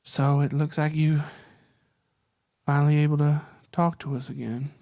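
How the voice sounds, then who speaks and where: A man voicing the spirit of a mother now living in a small spider, soft-spoken, loving and a little passive-aggressive. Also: a little high, flat delivery, normal speed, no echo, studio quality, natural voice. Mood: sweetly reproachful.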